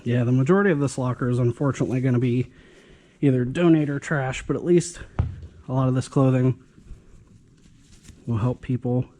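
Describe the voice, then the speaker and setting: A man with a mellow, medium-pitched voice comments casually while sorting through the contents of a storage locker. He speaks fairly quickly but leaves long pauses, tossing off dryly sarcastic remarks while he has the hiccups.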